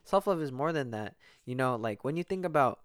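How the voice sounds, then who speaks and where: A man's voice: medium pitch, lively intonation, fairly quick, smooth, no room sound, studio quality. A young man hosting his own podcast alone, chatting casually and rambling with lots of swearing and restarts. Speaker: podcast host. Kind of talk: casual solo podcast chat.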